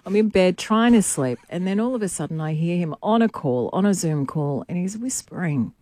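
A woman's voice: on the low side, lively intonation, moderate pace, darkish tone, dry recording. A woman, co-hosting breakfast radio and telling a story with lots of laughter. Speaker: radio co-host and newsreader. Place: radio studio.

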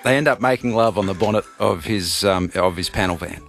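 A man's voice: low voice, brisk, gravelly, fairly bright tone, soft background music. A man hosting a radio show, telling a long joke in a rambling way, full of "uh" and "anyway.". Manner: rambling storyteller with many fillers. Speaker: radio host.

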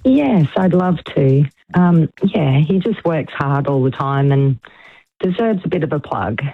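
A woman's voice: deep voice, expressive, unhurried, breathy edge. A mother calling into a radio show, proud and emotional. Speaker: caller, mother. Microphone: phone. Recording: tinny phone line.

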